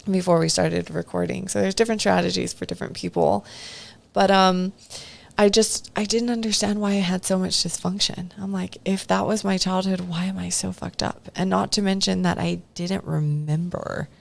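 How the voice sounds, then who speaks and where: Her pitch is fairly low, her speed normal, and vocal fry runs through her speech. This woman is a podcast guest sharing frank personal stories from her past in a relaxed way, swearing here and there and imitating what others told her.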